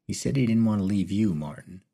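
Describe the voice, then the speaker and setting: A man reading an audiobook, voicing a hesitant, worried frontier outlaw who speaks slowly and quietly. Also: fairly low pitch, expressive, creaky, husky, full character voice. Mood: sad. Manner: slow and hushed.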